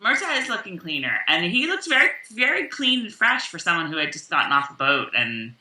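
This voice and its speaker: Animated woman, echoey and off-mic. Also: fairly low pitch, a little fast, hardly any pauses, far from the mic. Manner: animated, rambling with restarts. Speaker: podcast co-host. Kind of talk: casual chat recapping a TV episode. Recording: echoey room, set back from the mic.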